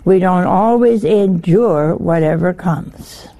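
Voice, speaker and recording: A woman's voice: on the low side, takes it slowly, mellow. An older woman giving a folksy sermon, often putting rhetorical questions to her listeners. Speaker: religious teacher.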